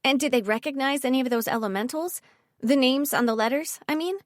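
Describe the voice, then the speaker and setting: A woman's voice: high-pitched, brisk, dry recording, studio quality, pitched above the performer's own voice, natural voice. A woman reading an audiobook, voicing a guarded, anxious teenage girl with a lifted, earnest, hesitant delivery.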